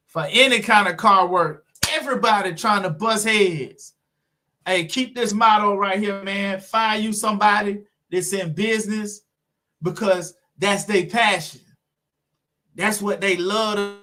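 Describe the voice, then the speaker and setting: A man with a high-pitched, sharp voice casually chats with viewers on his live car stream. Laid-back throughout, he keeps dropping "man" and "you know what I'm saying."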